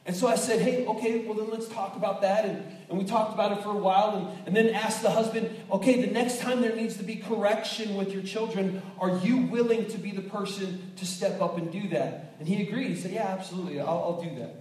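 Here a man preaches as a pastor in a high-pitched voice, talking fairly fast with few pauses. His sermon runs on stories, animated quoted voices and frequent restarts, picked up by a distant mic in a hall full of echo.

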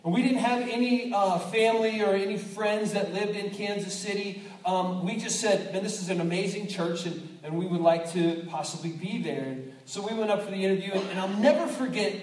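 Male pastor, high voice, echoey hall, distant mic, storytelling sermon. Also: fairly quick, hardly any pauses. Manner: storytelling with lively acted quotes and many restarts.

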